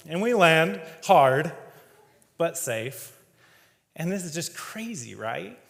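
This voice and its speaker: A man with a fairly high voice tells a story to a live audience, light and conversational with a joking streak. His words ring out with a long hall reverb. He sounds like a speaker on stage at an event. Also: expressive, takes it slowly, creaky, pauses often, fairly bright tone. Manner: conversational and humorous, laughs often. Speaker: keynote speaker.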